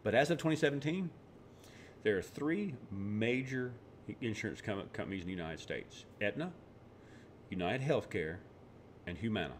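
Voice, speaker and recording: A man with a lowish voice rants sarcastically through casual political commentary. He often stumbles and restarts his words, and a faint low rumble sits underneath. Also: animated, normal speed, long pauses. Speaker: vlogger.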